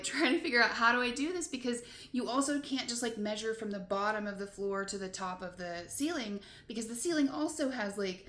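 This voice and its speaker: A woman vlogger rambles through a story to her camera, filling it with "like" and "you know" and laughing between her frustrations. Her voice is bright and sharp-edged, at a middle pitch. The room around her is echoey and hard-walled, as in a motel room. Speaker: van life vlogger. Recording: roomy echo.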